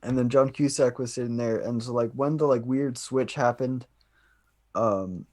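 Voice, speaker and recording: A man's voice: mid-range voice, fairly even intonation, normal speed, a little mellow. A young man on a laid-back podcast who keeps laughing and swearing as he talks about a movie. He often cuts in to correct or add to the story. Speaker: podcast co-host. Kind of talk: casual chat recapping a movie.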